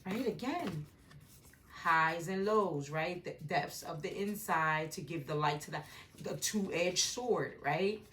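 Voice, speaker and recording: Give me a woman reading tarot cards at home in a wandering way, often asking "right?", with a slightly deep voice. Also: expressive, slow pace, fairly bright tone. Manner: meandering, often adds "right?". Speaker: tarot reader. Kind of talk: intuitive tarot reading to camera. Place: home with a dog nearby.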